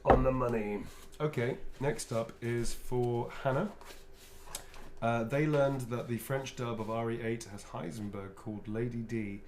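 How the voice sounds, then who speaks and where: A middle-aged man chats in a loose, rambling way, laughing often as he signs. His voice sits at an ordinary pitch, and the room around him rings with a noticeable echo. A faint hum runs underneath. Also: fairly even intonation, measured pace. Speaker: actor guest signing autographs. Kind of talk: casual chat while signing.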